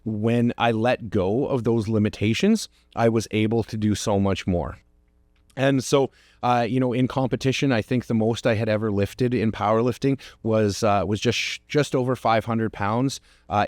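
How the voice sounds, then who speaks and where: Earnest low-voiced man hosting a podcast. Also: steady tone, darkish tone, no room sound, studio quality. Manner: earnest and encouraging; reflective, unhurried storytelling. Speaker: podcast host. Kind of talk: personal podcast monologue.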